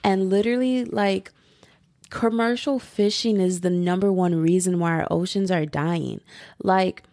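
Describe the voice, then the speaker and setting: A woman's voice: fairly low pitch, steady tone, measured pace, a little mellow, no echo, clean studio sound. A young woman hosting a podcast from home, talking in a chatty, rambling way full of fillers and asides. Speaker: podcast host. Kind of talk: casual podcast monologue.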